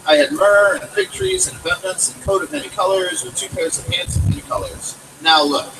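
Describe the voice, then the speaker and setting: A man voicing a complaining, long-suffering biblical man who grumbles indignantly, recorded on a distant mic with loud background noise. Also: high voice, wildly swooping pitch, brisk. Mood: aggrieved. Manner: indignant, whining in mock-biblical speech.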